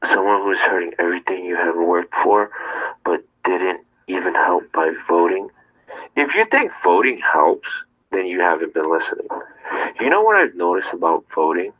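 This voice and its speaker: A man's voice: low voice, big pitch swings, normal speed, fairly bright tone, rough recording. A man talking straight to his viewers in a confrontational rant, firing off rhetorical questions. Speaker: streamer. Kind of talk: ranting monologue to viewers.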